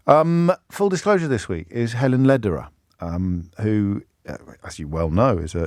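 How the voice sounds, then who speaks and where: A man's voice: mid-range voice, a little mellow, dry recording, clean studio sound. A man hosting a radio phone-in, chatty and self-mocking, often restarting his sentences. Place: radio studio. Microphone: studio microphone.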